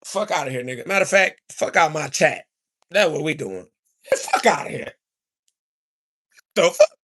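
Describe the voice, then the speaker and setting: A man, ranting loudly and profanely at his livestream chat, mocking and trash talking into a phone. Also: a little high, expressive, moderate pace, slight background noise. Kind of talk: angry livestream rant.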